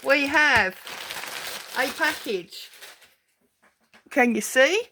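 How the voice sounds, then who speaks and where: A woman hosting a casual crafting vlog, giddy and excitable, chattering to herself at her craft desk as she unboxes a parcel. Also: high-pitched, very slow, noisy background. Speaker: crafting channel host.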